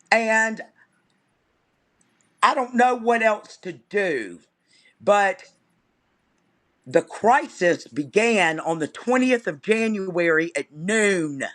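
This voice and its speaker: A woman's voice: fairly high pitch, a bit bright. A woman guest on a live stream, ranting in an angry, exasperated, vehement way. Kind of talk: impassioned ranting.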